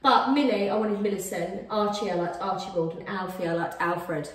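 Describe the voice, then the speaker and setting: A woman's voice: mid-range voice, moderate pace. A woman, chatting casually and giggling as she rambles through a Q&A with her partner. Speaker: YouTube host. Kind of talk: casual couple chat. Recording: echoey room from a distance.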